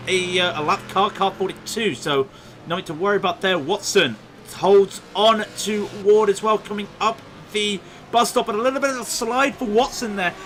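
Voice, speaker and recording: Male sim-race commentator, high and bright, excitable, faint noise. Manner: excitable, shouts at crashes. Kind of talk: sim racing live commentary.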